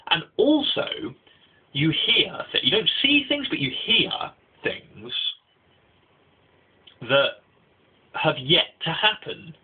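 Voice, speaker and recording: A man's voice: a little high, sing-song, takes it slowly, long pauses, breathy edge. A young man giving a casual spoken anime review, rambling with restarts and fillers, recorded on tinny phone-like audio.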